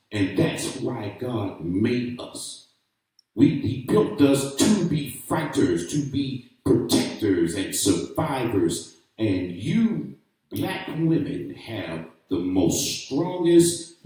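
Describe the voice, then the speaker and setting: A man's voice: mid-range voice, warm tone, recorded from a distance. A man co-hosting a talk show, arguing in an emphatic, preachy, slangy way in a heated casual debate. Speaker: radio talk show co-host. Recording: echoey, off-mic room sound.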